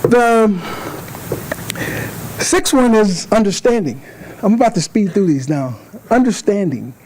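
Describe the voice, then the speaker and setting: A guest speaker addresses a club in a meeting hall, telling animated stories and acting out the voices of the people in them. His voice is high-pitched and a little slow, captured on a low-quality recording with some hiss or hum.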